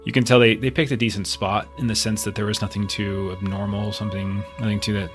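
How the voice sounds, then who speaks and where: A man's voice: lowish voice, level tone, fast talker, music in the background. A man narrating as game master of a tabletop game, describing scenes in a loose, meandering way with many fillers.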